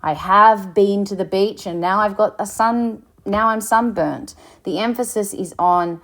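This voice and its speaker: A woman teaching a recorded lesson, explaining slowly, with fillers and restarts. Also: medium pitch, fairly bright tone. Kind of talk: recorded lecture.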